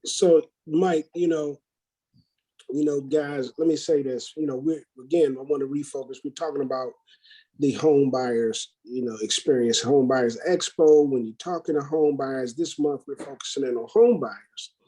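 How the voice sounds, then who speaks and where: A man's voice: mid-range voice, moderate pace, warm tone, low-quality recording. A man hosting a talk for real estate agents, coaching them in an emphatic, salesy way and acting out his own conversations. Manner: emphatic, sales-pep, acts out his own quoted lines. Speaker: brokerage host training agents.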